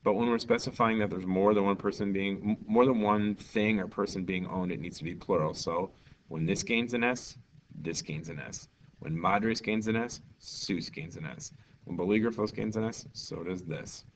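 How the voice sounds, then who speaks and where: A man's voice: fairly low pitch, normal speed, slight background noise. A male Spanish teacher giving a lesson in an upbeat, jokey way, acting out little scenes. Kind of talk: recorded classroom lesson. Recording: distant, dull lo-fi mic with faint ambience.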